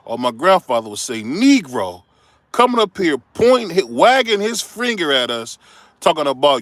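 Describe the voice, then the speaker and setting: A man's voice: a little high, sing-song, moderate pace, dry recording. A middle-aged man, hosting a heated, preachy opinion rant that turns confrontational. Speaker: commentary show host.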